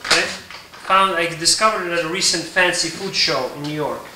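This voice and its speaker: A man teaching a recipe in his kitchen, explaining each step in a relaxed way and checking in with "okay?". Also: a little high, a little fast, roomy sound, recorded from a distance, background noise. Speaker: home baker teaching a recipe. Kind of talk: casual cooking tutorial. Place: home kitchen.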